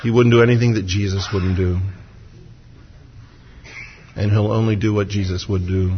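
A man's voice: lowish voice, steady tone, normal speed, a little hiss or hum. A man preaching a sermon as a pastor, conversational and humorous, acting out little voices as he speaks. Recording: dull, lo-fi hall recording with long reverb.

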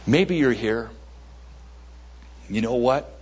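A man preaches at a church service in a husky voice that stays at a middle pitch. He takes his time, pausing for effect and repeating words. The recording sounds dull and lo-fi. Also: lively intonation. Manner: slow, emphatic preaching with dramatic pauses and repeated words. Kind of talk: sermon with an altar call.

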